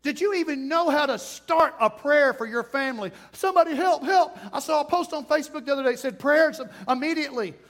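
A pastor with a drawl delivers a lively sermon. His voice sits very high for a man. He keeps slipping into acted-out voices and little scenes to make his point. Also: fast talker, few pauses. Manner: animated, acts out voices and scenes.

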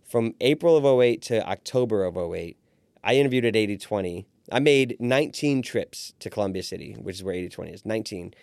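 A man in his forties who owns a restaurant tells his story as a guest on a podcast, animatedly acting out the voices of people he quotes. His voice is lowish with vocal fry and he talks a little fast. The recording is dry, with clean studio sound.

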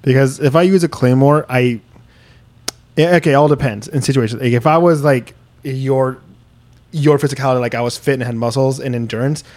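A man's voice: mid-range voice, steady tone, brisk, darkish tone. A man chatting casually on a podcast, hesitant and full of fillers, often repeating words. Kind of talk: casual chat.

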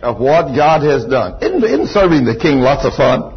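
Animated pastor telling stories. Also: male voice, mid-range voice, normal speed, husky, highs cut off. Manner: animated, laughing storyteller with folksy Southern phrasing. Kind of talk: sermon storytelling.

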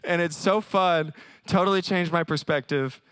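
A man preaching at a college service in a conversational, animated way, often acting out little voices. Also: on the high side, moderate pace, clean tone, dry recording. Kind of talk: sermon.

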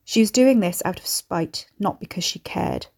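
A woman reading a horror story aloud in a measured storytelling manner. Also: mid-range voice, creaky, warm tone, slightly rough. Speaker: narrator. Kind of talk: scripted horror narration.

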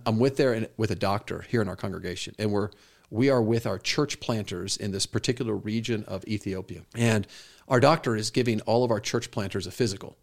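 Middle-aged male pastor, podcast co-host, lower register, earnest storyteller. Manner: earnest, storytelling with quoted dialogue. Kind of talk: conversational podcast talk.

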